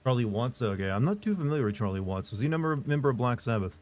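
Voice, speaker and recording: Monotone man chatting on a livestream. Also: mid-range voice, very fast. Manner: monotone, flat delivery; rambling with many fillers and restarts. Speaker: streamer answering live chat. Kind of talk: casual livestream chat.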